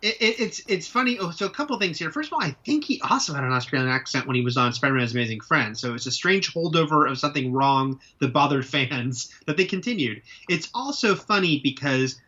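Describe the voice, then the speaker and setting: A man's voice: fairly high pitch, lively intonation, brisk, hardly any pauses, pushed and bright. A man in his forties co-hosting a casual pop-culture podcast, chatty and laughing along. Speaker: podcast co-host. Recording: dull lo-fi sound.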